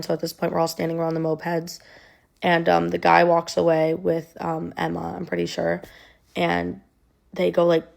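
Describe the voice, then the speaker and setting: A young woman with a lowish voice and vocal fry shares a personal story conversationally, full of ums and likes. She sounds emotional, close to tears.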